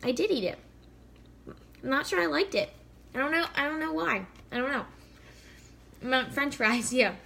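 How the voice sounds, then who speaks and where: A woman's voice: sits high, lively intonation, moderate pace, gravelly, pauses often, pushed and bright, slight background noise. A woman in her thirties chatting casually and bubbly while cooking in her home kitchen, full of fillers. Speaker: fitness vlogger. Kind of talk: casual live cooking chat.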